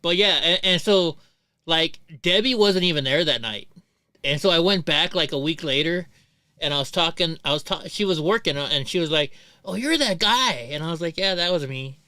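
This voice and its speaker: A middle-aged man hosts a casual livestream and tells long, profane stories, full of restarts and asides. His voice is bright and crisp, with a close, dry sound. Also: fairly high pitch, fairly quick, no room sound. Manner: rambling, profane, many restarts. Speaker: livestream host.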